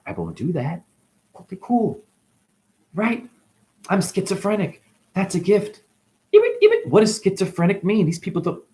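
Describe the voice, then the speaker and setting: A man talking straight to camera in a rambling, animated monologue, swearing and swinging between loud outbursts and muttered asides. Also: high-pitched, normal speed, long pauses. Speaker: vlogger.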